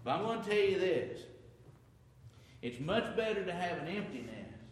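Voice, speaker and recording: A man's voice: high-pitched, big pitch swings, normal speed, slight background noise. Man preaching in an echoey hall. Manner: dynamic preaching, swinging from loud emphasis to quiet asides. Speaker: pastor. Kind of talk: sermon.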